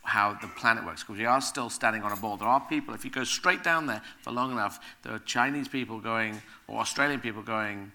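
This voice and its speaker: Bright-voiced rambling male guest. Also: lowish voice, fairly quick, hardly any pauses. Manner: rambling, animated, laughing as he talks. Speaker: guest speaker. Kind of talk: onstage conversation at a live event.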